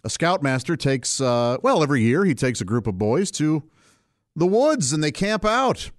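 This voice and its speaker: A man's voice: fairly high pitch, sing-song, moderate pace, dry recording, clean studio sound. A man hosting a casual solo podcast, chatty and rambling and laughing often. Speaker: podcast host.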